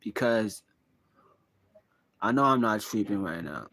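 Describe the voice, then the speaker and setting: A man's voice: fairly low pitch, lively intonation, takes it slowly, a bit bright, no echo. Rambling young man musing to camera. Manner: rambling, musing, full of "like" and "bro". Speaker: vlogger. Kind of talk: casual confessional monologue.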